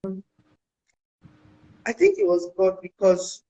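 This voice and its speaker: In a roughly recorded casual interview, a young African woman guest takes her time telling a personal story, earnest and animated as she acts out what people said to each other. Her voice sits in the mid range.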